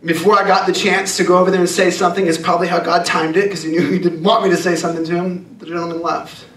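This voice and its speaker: A man preaching to a youth group in an earnest, conversational way, hammering points home by repeating them. His voice sits high for a man. The sound carries the echo of a large room, picked up from a distance. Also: level tone, quick pace, fairly bright tone. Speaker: youth pastor. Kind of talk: sermon to students. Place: church youth hall. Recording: echoey hall, mic at a distance.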